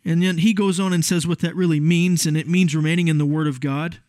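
A man delivers a sermon in a talky, emphatic way, turning to his listeners with quick asides. His voice sits a little high for a man. The recording is dry, with no room sound. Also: fairly even intonation, a little mellow, dry recording. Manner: conversational, emphatic preaching with asides to the congregation. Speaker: pastor.

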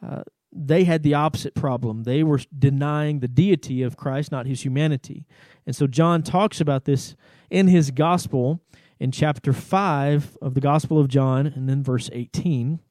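A man preaching a sermon, reading scripture aloud and stopping to explain it, rising in pitch for emphasis and checking in with "right?". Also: normal speed, dry recording. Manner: animated, rises in pitch for emphasis, asks "right?".

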